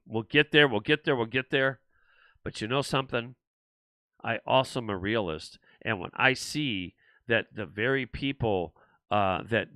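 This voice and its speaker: A man's voice: mid-range voice, pushed and bright, dry recording. An older man hosting his own show, rambling and frustrated, with many restarts and repeated words. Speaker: show host. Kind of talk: political talk show monologue.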